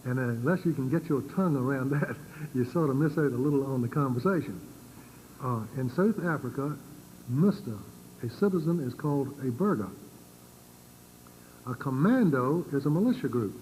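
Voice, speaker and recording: An older man with a Virginian accent giving an informal lecture to a congregation, halting and full of fillers and repeated words. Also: mid-range voice, expressive, darkish tone, slight background noise, poor audio. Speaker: church speaker.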